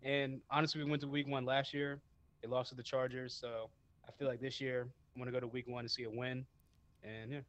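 A man's voice: medium pitch, flat delivery, brisk, a bit bright, dry recording. A man co-hosting a casual sports podcast, talking in a laid-back, hesitant way with lots of fillers. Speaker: podcast co-host.

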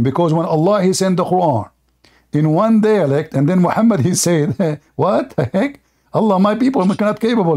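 Debate host: man with a raised, high voice, combative and mocking, rapid-fire delivery. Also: darkish tone. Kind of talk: heated online debate.

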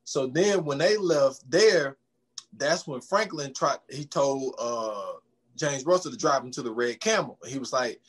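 A man's voice: mid-range voice, lively intonation, unhurried, breathy edge. A man hosting a podcast, recapping a film in casual, profane chat, retelling scenes with quoted dialogue.

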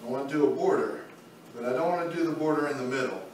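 An art instructor with a medium-pitched, darkish voice talks fast as he demonstrates a painting step by step, chatting easily while he works. The room is very echoey, the mic sits far away, and faint noise is audible.

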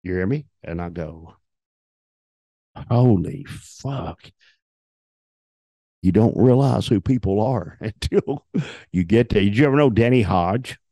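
An older man tells rough, profanity-laced stories, slipping into the voices of the people he quotes. His voice sits on the low side and the recording is dry and close, with no room sound. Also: moderate pace, no echo. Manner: profane, animated storyteller acting out quotes. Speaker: interview guest, retired wrestler. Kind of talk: storytelling in a shoot interview.

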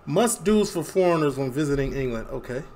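A chatty young man, a reaction video host from Chicago, talks casually and laughs often as he reads memes out loud. His voice sits a bit higher than most men's. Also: animated, fairly quick, a little hiss or hum. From Chicago, USA.

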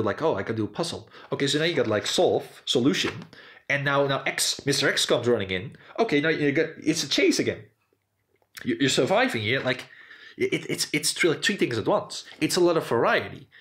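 A man chats casually as the host of his own video, thinking out loud. His pitch swings widely as he talks, and he keeps circling back with "you know, like" and false starts. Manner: rambling, many "you know, like" fillers; animated, jumps up in pitch. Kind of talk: casual unscripted commentary.

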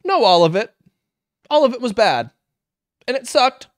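Sarcastic swearing male streamer, lively pitch. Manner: sarcastic, profane, lively, quick to laugh. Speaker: streamer reacting to videos. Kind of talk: live-stream reaction commentary.

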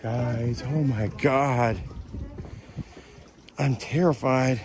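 A man narrates a casual vlog from a mountain lookout in an unhurried, mid-range voice with a steady tone, yet he's nervous and keeps letting out anxious exclamations. The sound comes from a handheld camera outdoors, background noise included.

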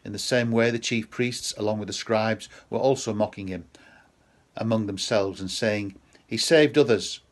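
A man reading a Gospel passage aloud in a measured, solemn way. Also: fairly low pitch, little pitch movement. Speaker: scripture reader.

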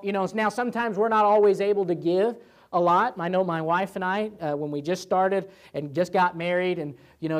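A pastor leading a church Bible study, talking in a loose, chatty way. He stumbles through restarts and fillers, then jumps into lively little asides when he acts out a prayer or a thought. The result is relaxed and animated rather than a polished sermon. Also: high-pitched. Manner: conversational, with many fillers and restarts; animated, voices God and himself in asides.

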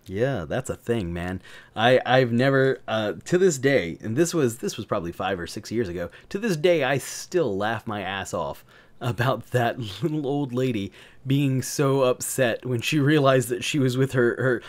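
Casual male channel host from the South, crude, joking, mid-pitched voice. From American South. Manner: crude, joking, rambling with fillers. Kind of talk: casual storytelling.

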